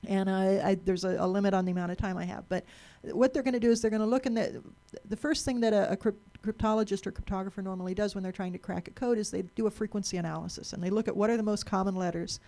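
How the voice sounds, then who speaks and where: A woman lectures a room in a mid-range voice roughened by vocal fry. She talks in a chatty way, often repeating and restarting words as she goes. She stops to put questions to the audience. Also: mid-range voice, quick pace, hardly any pauses, mellow. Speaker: speaker giving a talk.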